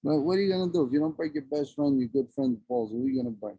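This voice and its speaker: A man's voice: a little high, very animated, very fast, vocal fry, breathy edge, no echo, highs cut off. A man in his forties, a guest talking outdoors with blunt, profane passion. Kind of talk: emotional casual conversation. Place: outdoors among trees and birds.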